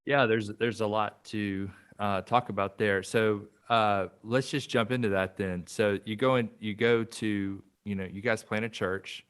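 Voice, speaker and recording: Deep, flat-voiced male podcast host. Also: a little slow, hardly any pauses, clean tone. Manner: reflective, hesitant fillers. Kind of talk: casual interview.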